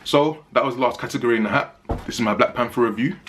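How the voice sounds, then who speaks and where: A man's voice: mid-range voice, quick pace, a bit bright, a little hiss or hum. A man giving a casual spoken movie review, chatty and emphatic, repeating phrases for stress.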